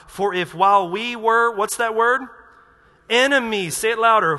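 Man preaching a sermon, high voice, bright tone, animated, sudden loud bursts, reverberant church hall. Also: a little slow. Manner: animated, acts out quotes with sudden loud outbursts. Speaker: pastor. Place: church auditorium.

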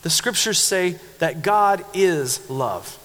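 Animated male preacher in a reverberant hall. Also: sits high, slow. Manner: animated storytelling, acting out quoted voices. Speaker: pastor. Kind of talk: sermon.

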